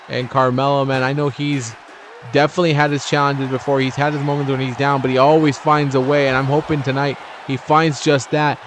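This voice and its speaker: A man in a middle register calls a video game wrestling match in a loose, chatty play-by-play style. He gets excited and his voice leaps up when a big move lands. Steady street and traffic noise hums clearly behind him. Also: normal speed, crowd noise. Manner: chatty, excitable, jumps in pitch at big moves. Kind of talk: casual play-by-play commentary.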